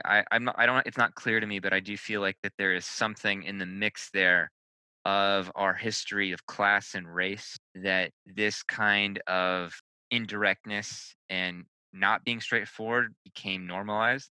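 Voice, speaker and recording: A man with a somewhat low, smooth and resonant voice that is very bright talks haltingly, stammering and repeating words as he goes. The sound is dry and close. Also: dry recording, poor audio. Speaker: podcast co-host. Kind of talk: casual discussion.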